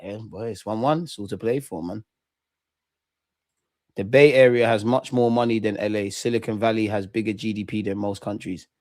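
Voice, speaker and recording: A young man, chatting with viewers and shouting them out during a live football watch-along. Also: on the low side, moderate pace, dry recording, clean studio sound. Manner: chatty slang-heavy banter, shouting out viewers. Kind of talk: live reaction chat.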